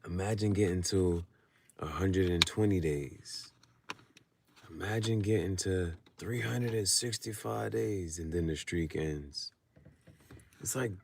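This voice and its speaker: A man in a casual late-night monologue who talks animatedly and laughs often, moving between low mutters and loud outbursts. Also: slow pace, gravelly, a little hiss or hum. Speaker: vlogger.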